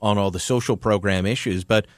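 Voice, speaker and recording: A man's voice: lowish voice, steady tone, brisk, no room sound, studio quality. A Canadian man hosting a talk radio show, delivering opinionated commentary with emphatic, sarcastic energy.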